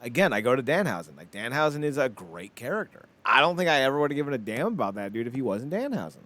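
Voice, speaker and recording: A man's voice: mid-range voice, very animated, fast, fairly bright tone. Podcast co-host, man, middle voice, loose and profane, rambles through his takes. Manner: rambling, blunt and profane, with frequent "like" fillers. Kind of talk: casual chat.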